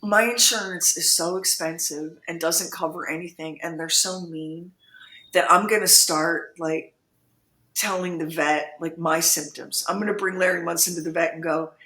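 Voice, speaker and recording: A woman's voice: on the low side, steady tone, normal speed, sharp tone, roomy sound. A woman co-hosting a radio show, joking in a casual chat as she reads listener comments aloud. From United States. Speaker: radio co-host.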